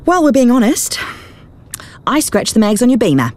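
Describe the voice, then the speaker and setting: A woman's voice: on the high side, big pitch swings, brisk, darkish tone. A woman acting a wife who answers a confession with her own in a radio ad sketch. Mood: wry. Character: wife in a radio ad, tit-for-tat and wry.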